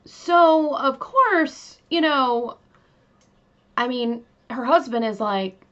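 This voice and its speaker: A woman with a slightly raised voice tells a true crime story at an unhurried, drawn-out pace. She chats with her listeners as she goes and fills the story with asides and fillers. The recording sounds a little dull and lo-fi. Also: high voice, fairly bright tone. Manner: chatty, many fillers, talks to listeners directly. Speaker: true crime podcast host. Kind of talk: casual storytelling.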